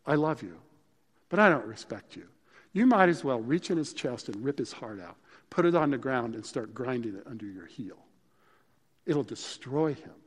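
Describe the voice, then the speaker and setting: A man's voice: mid-range voice, a little mellow. A male pastor preaching a sermon in a conversational, emphatic way that mixes scripture with stories. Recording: long hall reverb.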